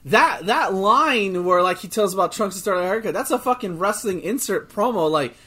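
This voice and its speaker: Excitable, swearing man in casual chat. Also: high voice, normal speed, husky. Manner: excitable, swears freely, lots of filler and restarts. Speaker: podcast co-host.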